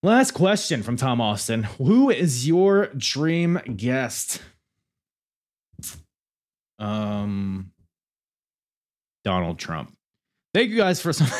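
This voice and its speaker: A man's voice: on the low side, gravelly. A man hosting a solo podcast and answering listener questions, joking and rambling as he goes, often laughing. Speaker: podcast host.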